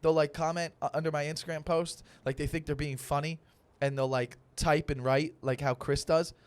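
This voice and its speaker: A man's voice: on the high side, flat delivery, normal speed, clean tone. A man hosting a comedy podcast alone, ranting in a mock-motivational coach style with lots of swearing. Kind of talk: solo comedy podcast rant.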